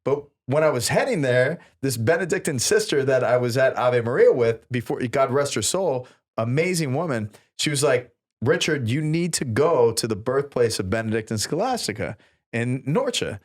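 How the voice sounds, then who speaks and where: A man co-hosting a podcast, telling a story in a casual, animated way and acting out the people he quotes. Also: medium pitch, normal speed. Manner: animated, acts out quoted voices with big laughs. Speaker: podcast co-host. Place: podcast studio.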